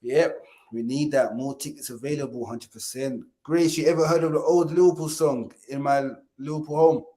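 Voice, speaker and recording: This co-host of a football fan stream has a warm, steady, medium-pitched voice and speaks at a moderate pace. Laughing and joking throughout the casual broadcast, he repeats himself and keeps pumping up viewers to like and subscribe.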